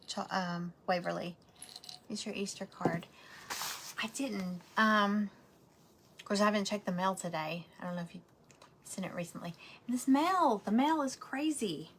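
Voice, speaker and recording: A woman's voice: mid-range voice, normal speed, long pauses, a little hiss or hum. A woman, chatting casually and rambling to viewers as she hosts a craft livestream from home.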